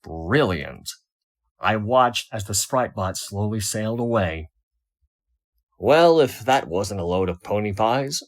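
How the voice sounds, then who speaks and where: A man reading a first-person fan fiction story aloud, wry and expressive. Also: fairly low pitch, slow. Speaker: audiobook reader.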